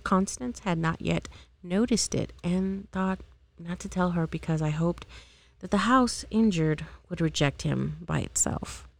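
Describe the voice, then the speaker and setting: A woman reads a novel aloud in an amateur, unpolished way, now and then tripping and re-reading. Her voice is low and gravelly, with a dry, close sound. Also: unhurried, no room sound. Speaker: amateur reader.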